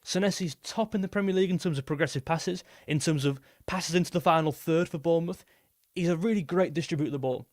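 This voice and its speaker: Young male streamer for a casual reaction chat; voice sits a little high, loose and repetitive delivery, dry close-miked sound. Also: fast talker, no room sound. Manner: rambling, repeats himself, reads super chats aloud. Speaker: football YouTuber hosting a live stream.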